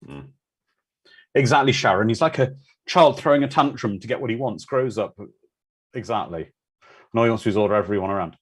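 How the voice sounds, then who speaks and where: A man's voice: on the low side, fairly quick, pauses often, husky. A man hosting a live watch-party commentary, chatting casually and answering viewer comments.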